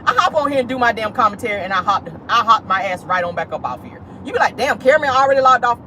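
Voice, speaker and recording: A woman's voice: mid-range voice, lively intonation, fast talker, bright, forceful tone, slight background noise. Sassy woman vlogging from her car. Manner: sassy, petty, talks straight to viewers with lots of "honey" and "y'all". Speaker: YouTube commentary host. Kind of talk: casual commentary vlog from a car. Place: parked car.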